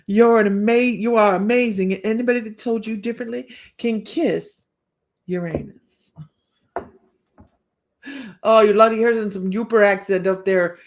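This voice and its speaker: A woman hosting a live stream in a loose, casual way, joking and breaking into laughter again and again. Her voice has a gravelly fry to it. She trails into restarts as she chats along. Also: mid-range voice, fairly even intonation, unhurried, pauses often. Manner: joking, giggly, laughs often between lines; chatty, with frequent restarts.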